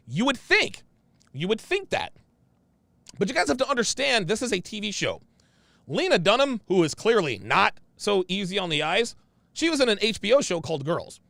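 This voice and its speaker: A man's voice: high-pitched, gravelly, a bit bright, no echo. A man hosting a casual livestream, reading viewer comments aloud in a brash, emphatic way and repeating his phrases.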